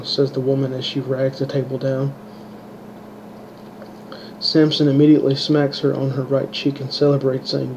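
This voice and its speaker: A man reading his own fantasy story aloud, halting and restarting words, in a dull lo-fi home recording. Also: medium pitch, little pitch movement, a little mellow, a little hiss or hum. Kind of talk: amateur audiobook reading.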